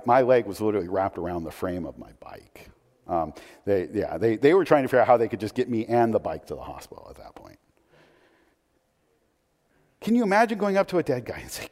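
A man preaching a sermon in a conversational, animated way, with asides and questions to the listeners. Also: lowish voice. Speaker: pastor. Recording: long hall reverb.

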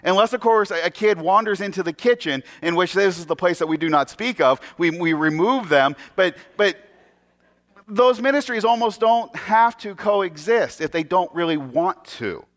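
A man preaching a sermon as a pastor, telling an animated story, acting out the voices of the people in it and often restarting his sentences. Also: high voice, moderate pace. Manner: animated storyteller who acts out quoted voices; frequent stammered restarts.

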